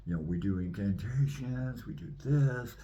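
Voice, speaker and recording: A man's voice: lowish voice, moderate pace, mellow, muffled recording, pitched above the performer's own voice, natural voice. A man voicing a boastful young man who dabbles in the occult, in a casual, chatty way.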